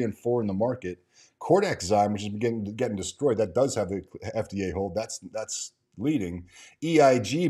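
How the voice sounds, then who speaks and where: A man's voice: mid-range voice, mellow. A man hosting a stock market show, reading news items and quotes aloud and breaking off with casual asides, restarts and fillers. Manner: reads quotes aloud then adds offhand remarks, many restarts and fillers. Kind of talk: casual commentary reading from articles and market screens.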